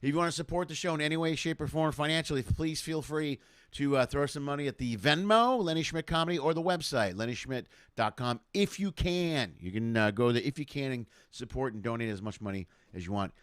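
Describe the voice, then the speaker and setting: A man's voice: on the high side, brisk, fairly bright tone, clean tone, no echo, studio quality. A middle-aged man, a comedian hosting his own livestream from home, chatting casually and rambling through funny road stories with lots of asides. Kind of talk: casual stand-up storytelling. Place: home room. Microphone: home webcam setup.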